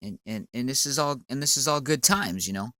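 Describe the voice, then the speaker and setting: A man's voice: mid-range voice, expressive, a little fast, sharp tone, no room sound. A man with a sinus cold delivering a profane, rambling, stammering rant at a commenter on his channel. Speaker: channel owner. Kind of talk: ranting monologue.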